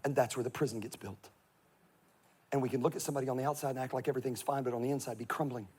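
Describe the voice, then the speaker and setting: A middle-aged male pastor preaching a humorous sermon, swinging from hushed confession to shouted scripture readings. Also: on the high side, slightly rough.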